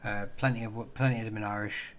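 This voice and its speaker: A man hosting a casual live stream, answering viewer questions in a halting way, full of ums and restarts, chatty and self-deprecating. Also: lowish voice, steady tone, a little hiss or hum.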